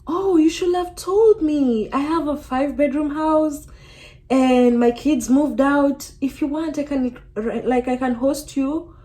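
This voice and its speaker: Caring motherly older woman, high and reassuring, as a young woman quotes her. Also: measured pace, dark tone.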